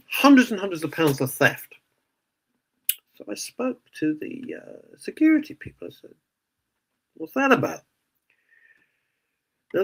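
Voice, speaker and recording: A man's voice: mid-range voice, breathy edge, poor audio. A man hosting a radio show, ranting indignantly in casual opinionated chat. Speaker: radio host.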